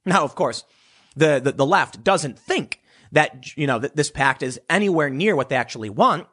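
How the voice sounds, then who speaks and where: A man giving casual political commentary in an animated way, now and then mocking others with put-on voices. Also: on the high side, moderate pace, slightly rough.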